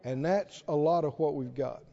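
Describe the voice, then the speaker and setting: A man preaching a sermon, animated and laughing often, drawing call-and-response from the congregation. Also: on the high side, normal speed, gravelly. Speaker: pastor. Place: large church hall with congregation. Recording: dull lo-fi hall recording.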